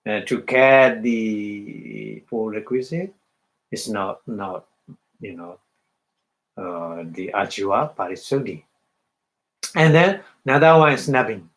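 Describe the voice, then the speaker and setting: A man giving a dharma talk as a Buddhist meditation teacher, halting, repeating phrases and checking in with his listeners. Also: medium pitch, low-quality recording.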